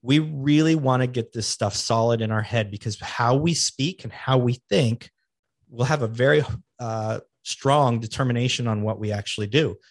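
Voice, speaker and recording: A man's voice: mid-range voice, normal speed, no echo. A man hosting a podcast, giving earnest motivational advice in a coaching manner and repeating key phrases for emphasis. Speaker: podcast host.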